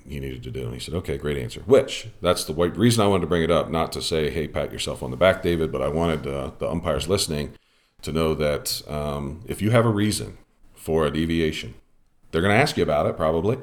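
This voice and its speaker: Man, very deep voice, podcast chat, rambling storyteller, lots of filler words. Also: brisk. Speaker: podcast host and softball umpire.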